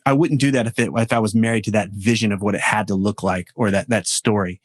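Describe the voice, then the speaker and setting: Guy coach telling a story on a podcast, lowish voice, dry close sound, keeps restarting his sentences. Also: steady tone, no echo. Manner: reflective storytelling, halting restarts. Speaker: men's coach, podcast guest. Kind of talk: podcast interview.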